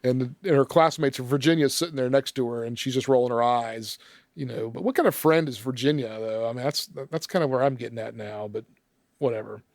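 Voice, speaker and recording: A man's voice: mid-range voice, brisk, gravelly, a little mellow, no room sound. Laughing man recapping a film. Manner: laughs often while recounting scenes. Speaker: film discussion podcast member. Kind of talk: casual chat recapping a film from notes.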